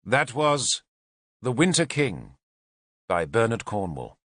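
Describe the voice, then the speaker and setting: A man's voice: mid-range voice, big pitch swings, takes it slowly, fairly bright tone, no room sound, clean studio sound. A man narrating an audiobook in a dramatic, intense storytelling manner.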